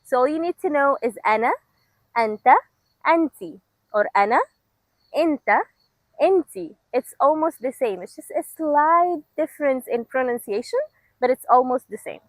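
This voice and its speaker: A woman's voice: sits high, lively intonation, dry recording, rough recording. Upbeat woman teaching a language lesson outdoors. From Egypt. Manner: slow, clear, encouraging drill delivery. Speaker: Arabic teacher. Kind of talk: language lesson with repetition drills.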